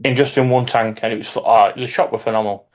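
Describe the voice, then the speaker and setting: A man, a hobby YouTuber, telling lively anecdotes in casual chat with some swearing. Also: mid-range voice, fast.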